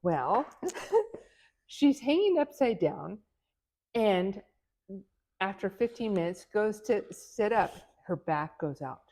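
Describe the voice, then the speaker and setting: A middle-aged woman, an author being interviewed, telling family stories in an animated way, laughing often and acting out the voices of the people in them. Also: mid-range voice, slow, long pauses. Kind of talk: animated storytelling.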